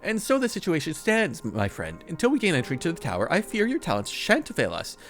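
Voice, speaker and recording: Earnest elderly scholar speaking in formal, old-fashioned phrasing, voiced by a man with an animated pitch and soft game music behind. The reading is plain and occasionally trips over words. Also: a little fast. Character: earnest older male scholar, formal and worried.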